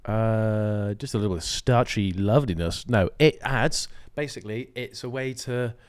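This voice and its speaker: A man's voice: on the low side, normal speed, clean tone. A young man co-hosting a podcast, chatting playfully and teasing his friend. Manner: playful, teasing, jumps into quoted voices. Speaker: podcast co-host. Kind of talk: casual chat.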